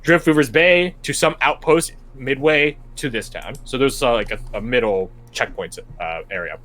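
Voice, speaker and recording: A man's voice: medium pitch, normal speed, a bit bright. Rambling young man running a tabletop game. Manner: rambling, many fillers and restarts. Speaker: game master.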